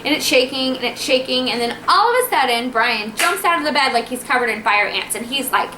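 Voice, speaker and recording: Woman vlogger, chatty animated storyteller, bright sharp tone, faint room hum behind. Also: high voice, a little fast. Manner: chatty, animated, acts out dialogue. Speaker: vlogger telling her birth story. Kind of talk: casual storytelling to camera. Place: at home. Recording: echoey room, faint ambience.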